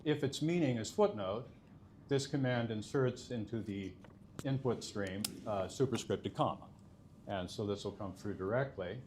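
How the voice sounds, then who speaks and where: Low-voiced man giving a technical talk. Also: normal speed, a little hiss or hum. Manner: explanatory, steady, frequent uh fillers. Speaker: conference speaker.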